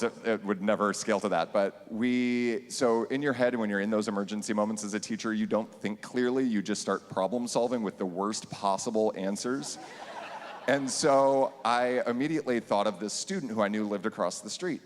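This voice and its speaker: Lively man telling a teaching story. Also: on the low side, long reverb tail. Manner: animated, laughing storyteller. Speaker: band teacher. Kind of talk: storytelling on a church panel.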